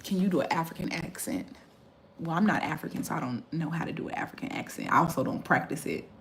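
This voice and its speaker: A woman's voice: deep voice, fast, slight background noise. A woman, a food reviewer chatting casually on a livestream and answering viewers' comments. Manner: animated, reads and answers viewer comments, repeats herself. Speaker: food reviewer and content creator. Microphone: phone livestream.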